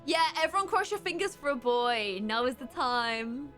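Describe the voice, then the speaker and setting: A young woman chatting casually while playing a game, rambling with fillers and breaking into high excited squeals. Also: normal speed. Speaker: gameplay streamer. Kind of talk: casual chat over gameplay. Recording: faint music in background.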